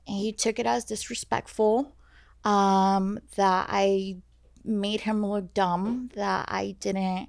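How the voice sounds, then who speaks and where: A young woman telling a painful personal story on a podcast, halting and full of fillers and restarts. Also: medium pitch, flat delivery, gravelly, darkish tone, dry recording, studio quality. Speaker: guest sharing her story. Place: podcast studio.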